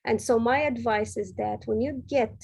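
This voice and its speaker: A woman's voice: fairly high pitch, fairly even intonation, normal speed, vocal fry, darkish tone, slightly rough, rough recording. A middle-aged woman, a senior director, giving an earnest, direct motivational talk with advice for women at work, often correcting herself mid-sentence. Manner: earnest, direct, advising with frequent self-corrections.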